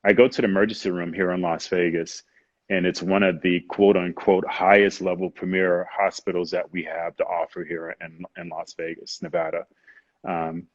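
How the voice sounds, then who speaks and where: A man with a low, husky voice recounts a painful personal story as an interview guest, candid and emotional, and he slips into quoted voices along the way. The sound is dry and a little dull, with no room around it. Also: fairly even intonation, moderate pace, no echo. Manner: candid, acts out others' voices, frequent "you know".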